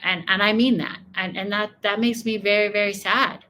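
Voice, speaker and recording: A woman's voice: mid-range voice, steady tone, moderate pace, sharp tone, slight background noise. An American woman giving emotional, emphatic political reaction commentary, often repeating her points. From United States. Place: home.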